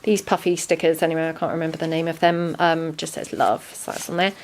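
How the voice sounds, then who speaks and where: A woman casually walking through a handmade junk journal, chatty and relaxed with frequent ums. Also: low-pitched, fast talker. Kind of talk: casual show-and-tell narration.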